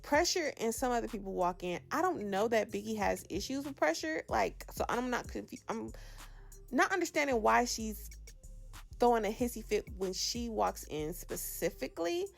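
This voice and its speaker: A woman's voice: on the high side, sing-song, normal speed, creaky, soft background music. A woman hosting a casual reality TV recap, talking sassy and slangy with dramatic asides. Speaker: reality show recap host.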